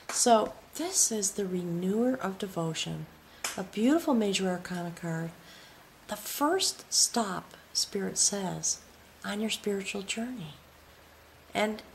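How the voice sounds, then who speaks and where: A woman giving a spoken tarot reading, talking in an awed, reverent way and sometimes dropping to a soft whisper. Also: mid-range voice, slight background noise. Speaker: tarot reader.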